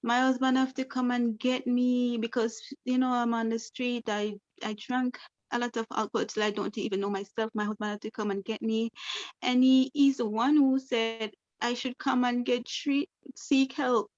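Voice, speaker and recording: A woman's voice: fairly high pitch, flat delivery, normal speed, a little mellow, highs cut off. A woman playing a troubled client in a counseling role-play. She speaks repetitively and keeps filling her speech with the same phrases. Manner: repetitive, leans on "you know". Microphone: video call.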